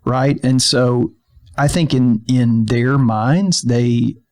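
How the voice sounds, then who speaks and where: A man's voice: medium pitch, slow, darkish tone. Rambling podcast co-host man. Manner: rambling storyteller, many fillers and restarts. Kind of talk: casual chat. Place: filmed podcast studio.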